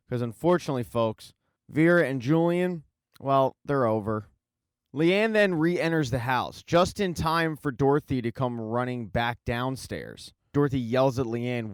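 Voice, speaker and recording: A man's voice: medium pitch, expressive, moderate pace, smooth, dry recording. A man narrating a casual TV show recap with wry, dry asides. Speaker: TV recap host.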